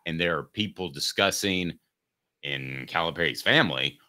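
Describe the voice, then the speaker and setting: A middle-aged man hosting a sports talk show, talking in an animated, joking way. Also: low voice, normal speed. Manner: animated, does mock impressions.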